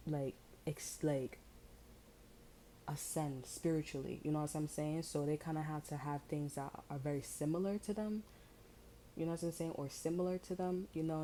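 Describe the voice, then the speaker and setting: A woman's voice: deep voice, dark tone, a little hiss or hum, rough recording. A woman tarot reader in slangy, rambling casual chat, amused and full of fillers. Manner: amused, breaks into laughter.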